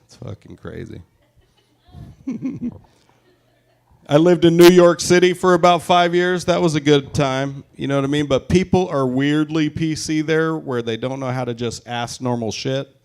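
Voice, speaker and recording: This stand-up comedian's voice is on the high side and darkish yet clean, and he talks a little slowly. He's a crude, brash, profane man from the Pacific Northwest, USA, doing crowd work with punchy delivery in a set for a live brewery audience.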